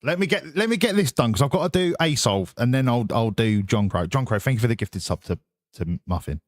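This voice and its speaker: A man's voice: medium pitch, lively intonation, brisk, no echo, clean studio sound. A man hosting a live stream, chatting casually and teasing his viewers in a joking way. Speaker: livestream host.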